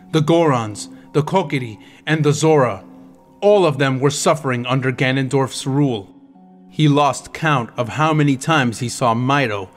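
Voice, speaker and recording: Intense male audiobook narrator. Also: medium pitch. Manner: dramatic, intense storytelling.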